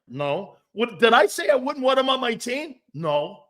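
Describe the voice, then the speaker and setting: A man's voice: sits high, very animated, a little slow, fairly bright tone. A middle-aged man hosting an opinionated sports talk show, blunt and profane, now and then mocking others in put-on voices.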